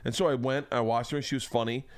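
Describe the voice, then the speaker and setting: A man's voice: medium pitch, steady tone, quick pace, no echo. A middle-aged man from Florida, hosting a podcast and telling rambling stories with plenty of swearing. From Tampa, Florida. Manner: rambling storyteller, swears freely. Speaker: podcast host. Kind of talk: casual chat.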